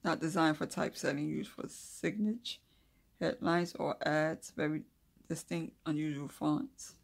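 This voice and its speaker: Eine gravelly, slightly rough voice leads a relaxed calligraphy lesson. The host reads from notes, then drifts into loose, chatty asides and quiet mumbling while drawing letters. The delivery stays unhurried and homespun throughout. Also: medium pitch, slight background noise. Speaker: craft video host. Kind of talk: casual calligraphy tutorial.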